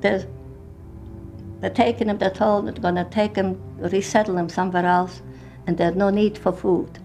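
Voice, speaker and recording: An older woman, her Yiddish, speaks at a middling pitch in a halting, emotional way. Her English is broken as she recounts her own story as personal testimony. Faint music plays softly behind her voice. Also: level tone. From Poland. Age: 70s. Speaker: interviewee.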